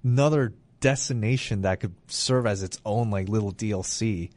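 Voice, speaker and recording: Low-voiced man in casual gaming chat. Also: normal speed, darkish tone. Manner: enthusiastic, rambling with restarts. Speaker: podcast host.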